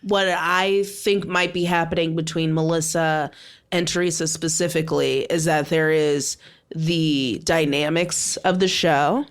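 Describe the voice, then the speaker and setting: Woman podcast host, slow easygoing delivery, lowish voice, lots of agreeing. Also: steady tone. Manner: laid-back, frequent agreeing "yeah"s. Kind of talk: casual chat.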